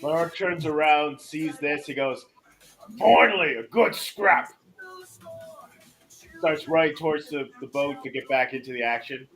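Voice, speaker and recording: A male player in a tabletop game, calling out rolls and actions with eager energy. His voice sits a little higher than most men's, with faint music underneath. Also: steady tone, normal speed, hardly any pauses, a bit bright. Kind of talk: casual tabletop game play.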